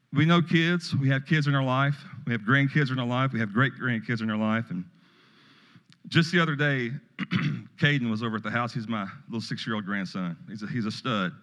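Male pastor, middle-aged, folksy conversational sermon, mid-pitched voice, long hall reverb. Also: a bit bright. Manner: folksy, conversational preaching with storytelling asides.

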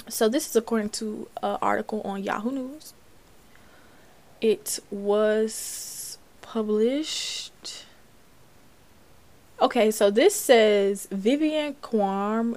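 A woman's voice: mid-range voice, darkish tone. A young woman from Florida hosting a podcast, chatting casually about celebrity news, reading articles aloud and reacting. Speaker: podcast host. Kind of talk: casual commentary.

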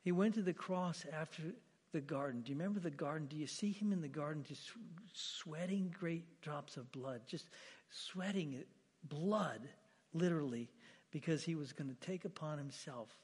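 A fairly high-voiced male pastor delivers a sermon with real emphasis. He often repeats himself and swings from loud, lifted phrases down to soft, low asides. The sound carries a long reverb from a large hall. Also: moderate pace, husky.

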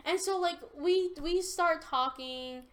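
A young woman hosting a podcast, casually telling an animated story and swearing often. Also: extremely high pitch, slow pace. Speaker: podcast host. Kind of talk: casual chat.

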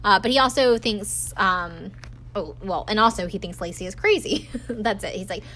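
A woman's voice: fairly high pitch, expressive, moderate pace, a bit bright. A woman recapping a reality dating show in a chatty, snarky way, often acting out quotes in funny voices. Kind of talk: casual recap chat.

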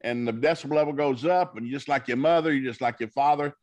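He's a fast-talking man with a mid-range, somewhat dark voice. As a storytelling guest on a talk show, this minister uses a folksy preacher's manner and dramatizes the words of those he quotes.

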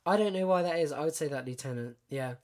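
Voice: mid-range voice, fast talker, a little mellow. A speaker from the UK with a British accent, playfully chatting about words on a podcast. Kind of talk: casual chat.

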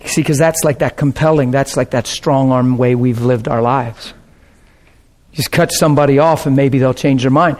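High-voiced preacher man, chatty and laughing. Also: moderate pace, darkish tone. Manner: conversational, checks in with the class, laughs often. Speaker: pastor. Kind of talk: sermon teaching. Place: warm classroom or church hall.

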